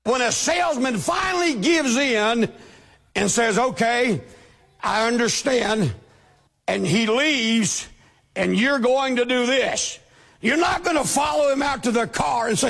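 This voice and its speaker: High-pitched gravelly preacher shouting. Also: male voice, animated, measured pace. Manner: shouting preacher cadence, acting out quoted voices. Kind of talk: sermon. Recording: long hall reverb.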